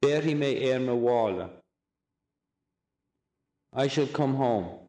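A man giving a recorded language lesson, saying phrases slowly and repeating each one for drilling. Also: medium pitch, lively intonation, dark tone, echoey room. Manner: slow, deliberate drilling of phrases with repetition. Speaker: language teacher.

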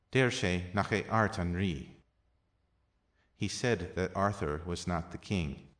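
A man leads a language lesson, working through short example sentences. His voice sits very low, and he keeps a slow, patient pace so that every phrase can be repeated. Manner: measured, reading each phrase in two languages. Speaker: language teacher.

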